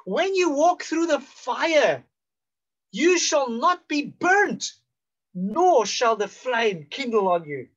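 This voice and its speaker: A male pastor with a South African accent preaching slowly and deliberately, rising for emphasis and dropping to a hush. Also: very high-pitched, very animated, lo-fi sound. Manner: slow, deliberate preaching with emphatic rises and hushed drops. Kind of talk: sermon.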